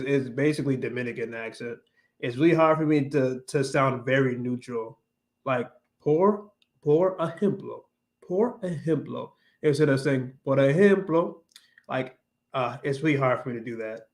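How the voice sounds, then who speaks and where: Rambling man chatting on a livestream. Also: medium pitch. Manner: rambling, many restarts and fillers, mixing English and Spanish. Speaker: livestream host. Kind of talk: casual chat with viewers.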